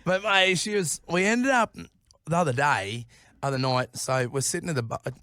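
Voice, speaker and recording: A man's voice: on the high side, moderate pace, pushed and bright, no echo, clean studio sound. A man, a podcast guest telling stories in casual chat, rambling, swearing constantly and laughing often. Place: podcast studio.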